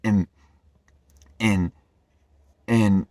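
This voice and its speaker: A man's voice: lowish voice, steady tone, very slow, dark tone, no room sound. Earnest rambling man, dry sound. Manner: earnest and rambling, restarts and repeats words often. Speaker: vlogger. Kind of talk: personal storytelling to camera.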